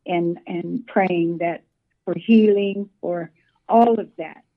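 Older female elder calling in, quiet and low, phone-line sound. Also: slow pace. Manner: soft-spoken, trailing off. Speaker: guest elder. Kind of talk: phone interview. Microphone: phone call.

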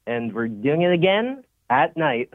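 A man's voice: medium pitch, very animated, a little slow, dry recording. Young male caller, chatty and upbeat, heard over a tinny phone line. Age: 20s. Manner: upbeat, chatty, many "like" fillers. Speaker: caller, student actor. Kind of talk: phone-in radio interview.

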